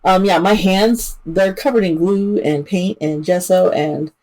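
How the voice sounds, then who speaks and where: A woman runs her own channel, offering informal, emotional true-crime talk packed with fillers and false starts; she is an adult parent. She speaks in a lowish, mellow voice without hurrying. The audio quality is poor.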